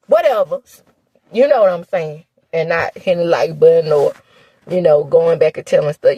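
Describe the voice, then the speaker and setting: A woman from the American South with a Southern accent, recapping reality TV in sassy, animated casual commentary. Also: normal speed, husky, dry recording. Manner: sassy, animated, with laughs and sudden high exclamations.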